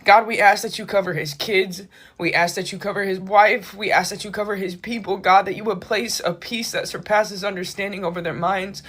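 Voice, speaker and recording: A woman's voice: medium pitch, steady tone, fairly quick, few pauses, fairly bright tone, slightly rough. A woman in a clip, tearful and earnest, praying aloud for a family. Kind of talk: emotional prayer video.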